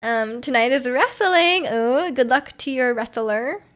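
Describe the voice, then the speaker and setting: A woman's voice: high voice, a little slow. A young adult woman hosting a livestream, chatting casually and reading out viewer messages, giggling often between filler words. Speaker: livestream host.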